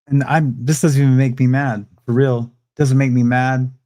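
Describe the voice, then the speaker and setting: A man's voice: mid-range voice, little pitch movement, normal speed, mellow. A young adult man hosting a livestream, rambling defensively and repeating himself in a heated rant. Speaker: livestream host.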